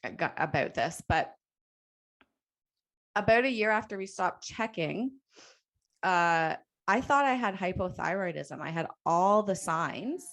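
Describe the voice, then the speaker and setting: A woman's voice: fairly low pitch, expressive, a little slow, fairly bright tone. A woman in her thirties co-hosting a podcast, talking earnestly and emphatically, with a touch of sarcasm. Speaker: podcast co-host. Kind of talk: casual chat.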